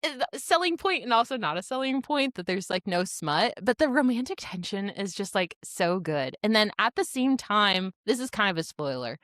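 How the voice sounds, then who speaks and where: A woman hosting a podcast, retelling a novel's plot in casual, animated chat full of swearing. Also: mid-range voice, moderate pace, hardly any pauses, dry recording, clean studio sound. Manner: animated retelling with acted quotes and frequent swearing. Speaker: podcast host.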